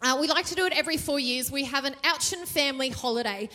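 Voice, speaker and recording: Woman pastor, jokey and conversational, high voice, reverberant hall sound. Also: fast talker, bright, forceful tone. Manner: chatty and jokey, asks the audience questions. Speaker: preacher. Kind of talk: sermon. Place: church stage.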